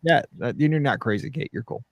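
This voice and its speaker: A man's voice: mid-range voice, animated, fairly quick, no room sound, muffled recording. A man hosting a casual podcast, chatty and laughing easily, reading listener questions aloud. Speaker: podcast host. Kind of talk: casual chat.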